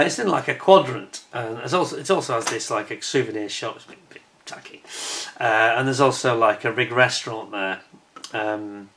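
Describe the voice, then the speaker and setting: A man chatting casually to camera, telling a personal anecdote in an animated way with frequent restarts and laughs. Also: medium pitch. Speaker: vlogger.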